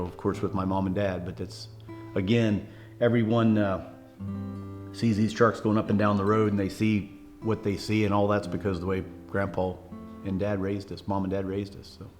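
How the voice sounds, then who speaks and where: A man's voice: on the low side, a little mellow. A man talking plainly about how his family raised him, repeating himself as he goes. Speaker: grandson interviewed about family. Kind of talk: interview. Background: guitar music.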